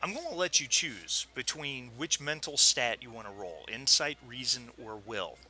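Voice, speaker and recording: A man's voice: medium pitch, animated, moderate pace, pushed and bright. A man narrating a tabletop game as game master, hesitant with many fillers.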